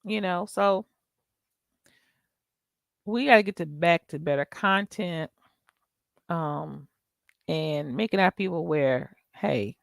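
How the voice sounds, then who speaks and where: Middle-aged lady venting on her channel, gravelly voice, dry close mic, preachy. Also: on the low side, slow pace, long pauses, no echo. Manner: emphatic, exasperated, preachy. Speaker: YouTube channel host. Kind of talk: casual vlog rant.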